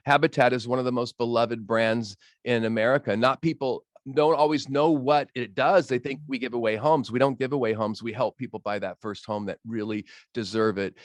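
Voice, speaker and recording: A man's voice: medium pitch, dry recording, studio quality. A man, a roofing business owner on a video-call panel, telling earnest, emotional stories about giving back. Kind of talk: casual panel chat.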